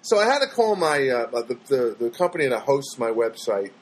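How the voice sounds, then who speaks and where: Exasperated, rambling man with lively pitch. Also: moderate pace, slight background noise, poor audio. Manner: rambling, exasperated, many restarts; mimics other people's voices in quotes. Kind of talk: casual storytelling monologue.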